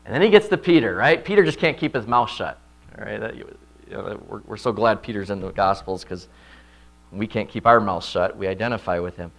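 A man preaching an expository sermon, often checking in with listeners with "right?" and loudly voicing quoted lines. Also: lowish voice, expressive, a little fast, vocal fry. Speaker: pastor.

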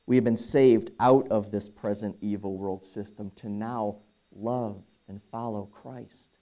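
A pastor preaching an earnest sermon and reading a story aloud with voices. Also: male voice, lowish voice, fairly even intonation, measured pace, mellow. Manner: earnest, reads dialogue aloud from a book.

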